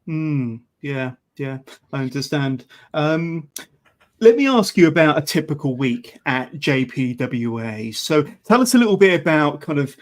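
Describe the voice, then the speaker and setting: A man hosting a podcast interview, relaxed and hesitant, with many filler sounds. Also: a little high, measured pace. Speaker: podcast host. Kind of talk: casual interview.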